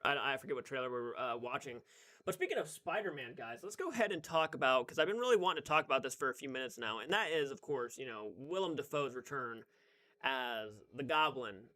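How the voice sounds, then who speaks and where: A man's voice: mid-range voice, bright, forceful tone. A young man hosting a casual live stream, chatting and greeting viewers by name, often restarting his sentences.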